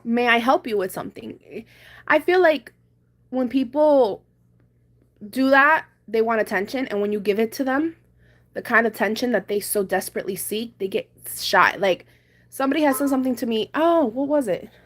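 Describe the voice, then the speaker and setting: Young woman, livestream host at home, slightly high voice, casual and animated, loud reenacted comebacks. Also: moderate pace. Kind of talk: casual live chat. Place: home, doing chores.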